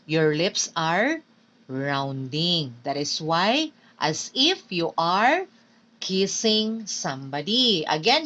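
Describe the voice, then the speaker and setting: A woman's voice: lowish voice, big pitch swings, slow pace, sharp tone, distant mic, lo-fi sound. A woman with a Filipino accent, teaching English pronunciation in a patient classroom lecture, drilling words and repeating them. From Philippines.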